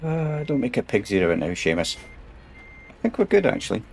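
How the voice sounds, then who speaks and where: A man's voice: mid-range voice, big pitch swings, fairly quick, vocal fry, slight background noise. A man casually commenting while he plays a truck game on a stream, chatty and muttering to himself.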